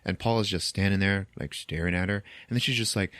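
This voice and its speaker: A man's voice: low-pitched, brisk, few pauses, a bit bright, dry recording. A man hosting a podcast, casually retelling a movie's plot, acting out the characters' lines and laughing often. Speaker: podcast host. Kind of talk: casual film recap.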